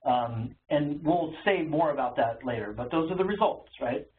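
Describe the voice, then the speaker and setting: A man's voice: a little high, lively intonation, moderate pace. A man giving an educational webinar presentation in a conversational way, with frequent ums and uhs. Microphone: webinar call audio. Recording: tinny phone-like webinar audio with faint noise.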